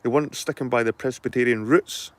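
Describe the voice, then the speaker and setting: A man's voice: mid-range voice, steady tone, fairly quick, dry recording. A middle-aged man with a Scottish accent, chatting casually to his viewers, rambling, repeating himself and swearing freely. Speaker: channel host.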